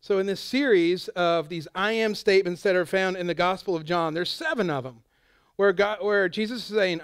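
A man preaching a sermon in a relaxed, conversational way, full of asides and quick quoted voices. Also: high voice, clean tone, dry recording, studio quality. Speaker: pastor.

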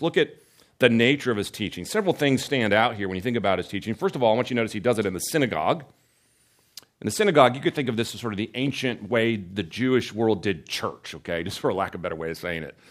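Guy with a lowish voice teaching bible study, chatty, keeps asking questions and tossing in "right?". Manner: animated, asks rhetorical questions, adds "right?" tags. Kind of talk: conversational teaching lecture.

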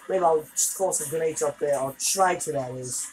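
A woman doing let's play commentary, exasperated and swearing, with loud outbursts. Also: sits low, normal speed, a little hiss or hum, rough recording. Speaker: gameplay video creator.

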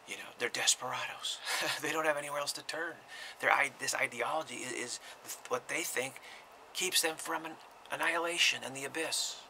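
Gravelly, sharp-toned man slipping into whispers. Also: mid-range voice, slight background noise, low-quality recording. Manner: often drops to a breathy whisper, halting repeated words. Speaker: spiritual teacher. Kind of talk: informal spiritual talk to viewers.

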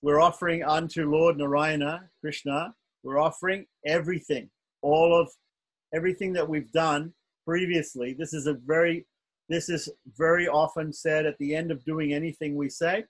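A man's voice: a little high, fairly even intonation, moderate pace, husky, low-quality recording. Patient man teaching chanting syllables. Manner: patient, corrects himself often, spells out syllable lengths. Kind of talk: online chanting lesson.

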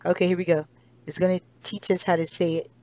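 A woman's voice: fairly low pitch, level tone, fast, dark tone, dry recording. An American woman teaching English to a child online, cheerful and encouraging, laughing often. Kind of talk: one-on-one kids' lesson.

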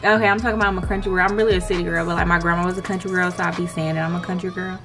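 A woman cooks in her home kitchen and chats casually to viewers, filming on a handheld camera in a laid-back vlog style and addressing them constantly. Her voice is lowish with little pitch movement, she talks at a racing pace, and music plays in the background.

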